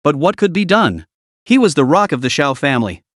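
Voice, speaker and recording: A man's voice: fairly high pitch, brisk, no echo, studio quality. A man narrating a dramatic story recap in a scripted reading voice. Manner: lively storytelling, reads all characters' lines himself.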